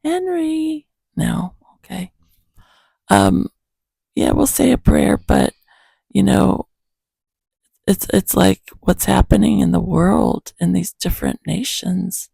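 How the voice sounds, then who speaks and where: A man with a hoarse morning voice, reading Bible verses, reflecting on them and praying in an earnest, unhurried way at home. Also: high voice, big pitch swings, a little mellow, no room sound. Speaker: host reading scripture to his cat.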